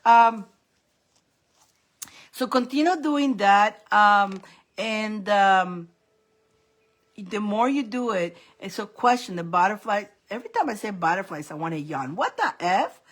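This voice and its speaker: A woman's voice: medium pitch, expressive, measured pace, pauses often, fairly bright tone. A middle-aged woman hosting a casual live stream of psychic readings, rambling and laughing often. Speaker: psychic reader and live host.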